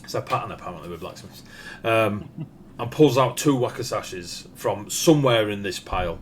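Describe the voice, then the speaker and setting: A man's voice: on the low side, lively intonation, moderate pace, slight background noise. A man narrating as game master in a casual, rambling way with laughing asides.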